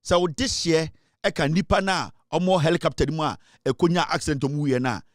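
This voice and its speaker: A man with a Ghanaian accent delivers political commentary as a talk show host, emphatic and lecturing. His voice sits somewhat high. The sound is dry and close, with no room around it. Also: brisk, dry recording. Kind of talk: political commentary mixing English and Twi.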